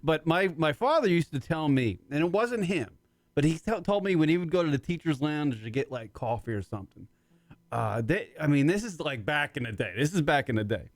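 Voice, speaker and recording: A man hosting a comedy talk radio show, telling rambling stories with a lot of swearing and rising excitement. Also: a little high, fairly quick, dry recording. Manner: rambling storyteller, swears freely, gets worked up.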